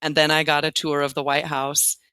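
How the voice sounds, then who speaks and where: A woman from Nebraska, a teacher and interview guest, telling stories animatedly and acting out quotes with big jumps in pitch. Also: flat delivery, a little fast, pushed and bright, smooth, no room sound. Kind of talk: casual interview storytelling.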